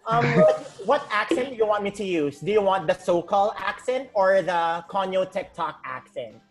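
A woman's voice: mid-range voice, expressive, moderate pace, faint music behind. A woman with a Filipino accent co-hosting a casual online chat show, teasing and playful, mixing English and Tagalog. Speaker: co-host.

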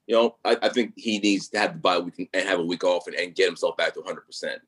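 A man's voice: deep voice, fairly even intonation, fast talker, fairly bright tone, slightly rough. A man co-hosting a casual sports chat, thinking aloud and hesitating with ums as he weighs things. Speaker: podcast co-host.

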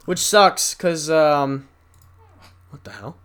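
A young man hosting a solo podcast, rambling casually and reading news stories aloud haltingly with asides. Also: fairly high pitch, lively intonation, fairly bright tone, clear, resonant tone. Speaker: podcast host.

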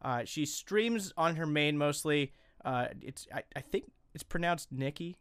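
A man's voice: fairly high pitch, expressive, a bit bright, clear, resonant tone, dry recording. A young man hosting a casual podcast, chatty and teasing as he introduces guests. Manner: joking, chatty, quick to tease. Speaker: podcast host.

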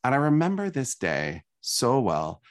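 A man's voice: mid-range voice, wildly swooping pitch, a little slow, clear, resonant tone. A man, a guest, earnestly telling his personal story in a conversation.

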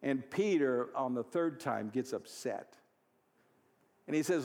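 A pastor preaching a sermon, moving from quiet storytelling to loud, fervent exhortation. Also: male voice, mid-range voice, expressive, takes it slowly, pauses often, long reverb tail. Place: church hall.

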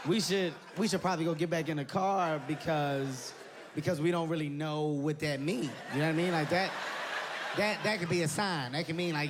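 A man doing stand-up comedy, telling an animated story and acting out voices, laughing as he goes. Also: a little high, a little fast. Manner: excitable, animated, breaks into laughter, acts out voices. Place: large venue with live audience. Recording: live show with loud crowd noise.

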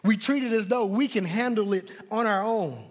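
High-voiced preacher in a reverberant hall. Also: male voice, normal speed. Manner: emphatic, repeats words when stressing points. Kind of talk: sermon.

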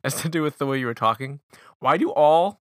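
A man's voice: a little high, animated, fast talker, fairly bright tone, dry recording, studio quality. A man co-hosting a podcast, chatting casually and swearing, stumbling over words as he reads aloud. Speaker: podcast co-host.

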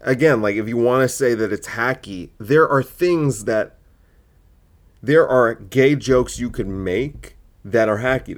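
Argumentative male comedian ranting solo. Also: lowish voice. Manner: argumentative, rhetorical questions, many fillers. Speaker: comedian and podcast host. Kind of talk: opinionated solo podcast monologue.

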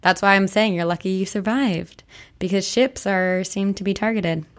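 A woman's voice: medium pitch, fairly even intonation, normal speed. A young woman co-hosting a podcast, telling a story in casual chat, full of likes and restarts. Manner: chatty, many likes and restarts. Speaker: podcast co-host.

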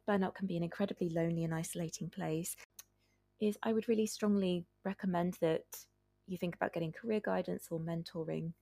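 Woman doctor hosting a solo podcast, low gravelly husky voice, earnest and direct, dry close sound. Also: darkish tone, no room sound. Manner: earnest, advising listeners directly.

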